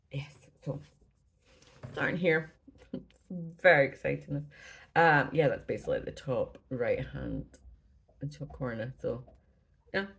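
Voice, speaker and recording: Low-voiced with noticeable vocal fry, a Scottish woman talks casually about her stitching projects from inside her home, and the audio is poor. She's a cross-stitch vlogger who rambles, keeps apologizing and sounds slightly out of breath.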